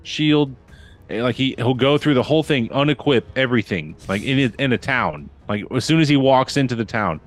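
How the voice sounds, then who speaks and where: A man's voice: mid-range voice, expressive, fairly quick, soft background music. A man and father on a podcast, chatting casually and rambling with lots of fillers and restarts. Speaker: podcast co-host. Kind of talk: casual chat.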